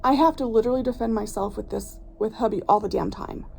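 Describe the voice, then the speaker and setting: Passionate, blunt woman with a gravelly voice. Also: on the high side, quick pace, darkish tone, a little hiss or hum, poor audio. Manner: passionate and blunt, swears freely; candid, recounting events with strong feeling. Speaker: vlogger. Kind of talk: casual vlog storytime.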